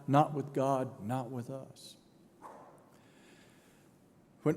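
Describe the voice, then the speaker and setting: A man's voice: mid-range voice, dark tone. A male pastor preaching a sermon, dramatic and storytelling, acting out imagined speakers. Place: large church sanctuary. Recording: long church reverb.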